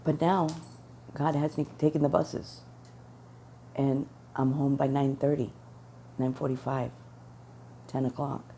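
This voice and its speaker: A woman's voice: a bass voice, level tone, a little slow, pauses often, dark tone, slight background noise. A woman telling a personal religious testimony in an earnest, repetitive storytelling way, quoting her prayers. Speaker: testimony speaker.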